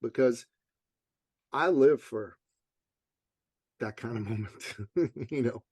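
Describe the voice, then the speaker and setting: A man's voice: medium pitch, slow pace, husky, dry recording. A man being interviewed as a motivational coach, telling stories casually and acting out what people said. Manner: animated storyteller, acts out quotes.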